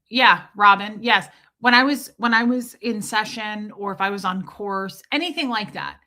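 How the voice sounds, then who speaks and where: A woman with a bright, forceful voice talks casually on her livestream, rambling and restarting her sentences. She keeps breaking off to greet viewers and answer their comments. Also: medium pitch. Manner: chatty and rambling, with frequent restarts and asides to viewers. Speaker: YouTube livestream host.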